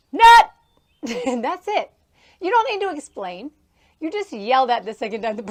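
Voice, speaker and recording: A woman in her thirties hosting a casual podcast, telling rambling stories with frequent laughter, recorded outdoors on a farm. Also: mid-range voice. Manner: chatty, laughs often, rambling asides. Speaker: podcast host. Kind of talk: casual solo podcast storytelling. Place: outdoors near a horse trailer on a farm.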